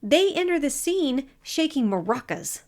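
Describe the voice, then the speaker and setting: A woman co-hosting a podcast, sarcastic and quick to argue. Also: sits high, sing-song, darkish tone. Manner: sarcastic, argumentative. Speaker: podcast co-host. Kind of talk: casual chat.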